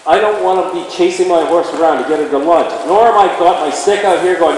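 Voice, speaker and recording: A man's voice: a little high, expressive, fast talker, hardly any pauses, darkish tone. Man teaching in an echoey arena. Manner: talks to the horse while explaining. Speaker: horse trainer. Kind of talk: instructional demonstration. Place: indoor riding arena. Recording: very echoey arena with faint ambient noise.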